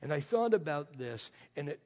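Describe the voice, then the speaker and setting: A man's voice: on the high side, sing-song, moderate pace. Man preaching in an echoing hall. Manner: dramatic storytelling, acting out the lines of the people in the story. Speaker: pastor. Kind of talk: sermon. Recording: long reverb of a large hall.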